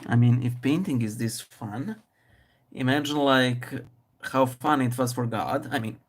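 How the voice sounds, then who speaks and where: A man's voice: mid-range voice, a little slow. A man hosting a casual live stream, thinking aloud with many fillers and restarts, speaking English with a noticeable non-native accent. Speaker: live-stream host painting and answering viewer questions.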